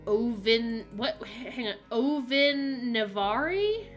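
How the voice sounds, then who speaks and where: A woman streaming a video game, chatting casually and telling animated stories with lots of fillers. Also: high-pitched, normal speed, faint music behind. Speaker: mother. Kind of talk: casual gameplay stream chat.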